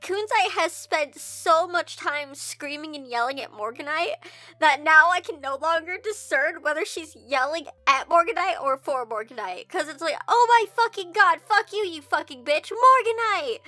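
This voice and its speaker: A young woman reading a fan story aloud and reacting with incredulous, swearing commentary, often breaking into high shrieks of confusion. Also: moderate pace, bright, forceful tone, dry recording, faint music behind.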